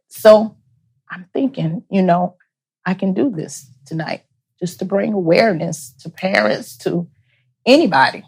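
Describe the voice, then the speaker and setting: A woman speaking as an interview guest, giving personal testimony as a bereaved mother, soft-spoken and halting, often repeating her words. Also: on the low side, husky.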